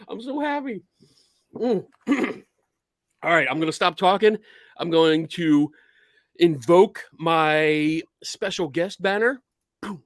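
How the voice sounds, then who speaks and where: Excitable Philly-accented man hosting. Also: fairly high pitch, dry recording, clean studio sound. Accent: Philadelphia. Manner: excitable, laughs often, swears casually. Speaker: host. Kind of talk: casual live-stream chat.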